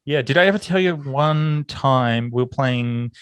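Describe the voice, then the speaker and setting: An Australian man co-hosting a podcast, chatting casually with a mate and telling stories in an animated way. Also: measured pace, clear, resonant tone, no room sound. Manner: animated storyteller, rises in pitch when excited. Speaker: podcast co-host. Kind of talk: casual chat between mates. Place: home office.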